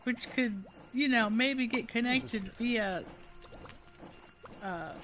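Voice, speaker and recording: A woman's voice: a little high, slow pace, a bit bright, soft background music. A woman livestreaming a game from home, chatting playfully and laughing often. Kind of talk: casual gameplay livestream chat.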